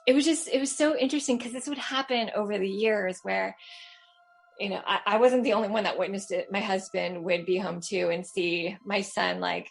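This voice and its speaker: A woman's voice: mid-range voice, steady tone, normal speed, gravelly, breathy edge. Chatty woman telling a family story. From Los Angeles. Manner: chatty, many fillers and restarts, laughs often. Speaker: caller sharing a story. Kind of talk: casual storytelling.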